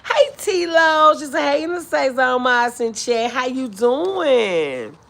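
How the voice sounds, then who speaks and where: A woman's voice: high-pitched, very animated, fairly bright tone. Woman casually greeting livestream viewers. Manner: affectionate, drawn-out greetings, calls viewers honey and boo; frequent throat clearing. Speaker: livestream host. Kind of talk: casual live-stream chat, reading comments.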